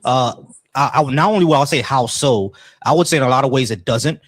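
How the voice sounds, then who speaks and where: A man's voice: mid-range voice, a little fast, a bit bright, dry recording. A man hosting a casual call-in debate stream, blunt and argumentative. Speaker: host.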